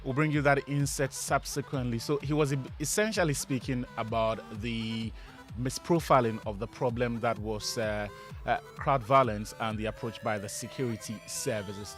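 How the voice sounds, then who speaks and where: A man with a Ghanaian English accent presenting a sports news bulletin in a measured, formal way. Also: medium pitch, a bit bright.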